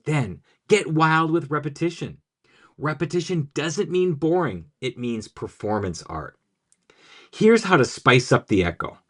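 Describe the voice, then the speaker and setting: A man's voice: fairly high pitch, animated, a little slow, a bit bright. Male teaching coach, scripted explainer, punchy and playful, voice swings up and down a lot. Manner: upbeat, jokey, punchy delivery.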